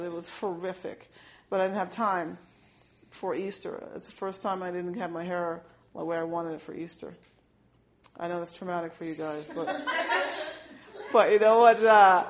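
A woman in casual faith talk, rambling and animated, telling stories with many restarts. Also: medium pitch. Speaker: speaker sharing faith lessons.

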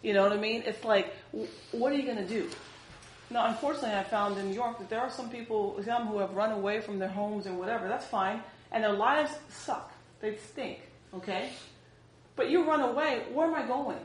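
A woman preaching with lively, dramatic delivery, her fairly high voice echoing around the room. She keeps slipping into the voices of the people she quotes. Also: moderate pace. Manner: animated, acts out quoted voices. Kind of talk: sermon.

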